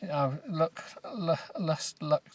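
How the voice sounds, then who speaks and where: A British man hosting a comedy podcast, grumbling and rambling as he reads a book aloud with deadpan, self-mocking remarks. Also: a little high, slow pace. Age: adult with children. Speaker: podcast host.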